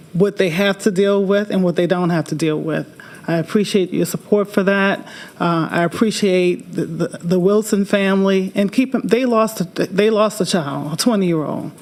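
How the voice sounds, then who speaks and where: A woman state representative giving earnest, impassioned closing remarks on her bill at a committee hearing. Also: lowish voice.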